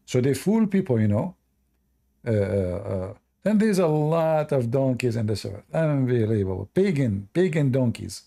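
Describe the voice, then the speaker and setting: A man hosting a live-stream debate, talking in a scornful, sarcastic rant that drops low at the ends of lines. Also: sing-song, normal speed, gravelly, warm tone. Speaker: livestream debate host.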